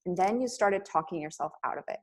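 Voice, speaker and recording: A woman's voice: fairly low pitch, animated, fast. A middle-aged woman running a coaching webinar over a video call, upbeat and pep-talking, often breaking into laughter. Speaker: business coach for yoga teachers.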